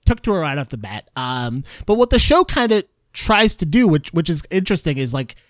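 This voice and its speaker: A man's voice: fairly high pitch, very animated, a little fast, no room sound, studio quality. A man casually recapping a TV episode in a rambling way, with lots of fillers and laughter. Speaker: podcast co-host.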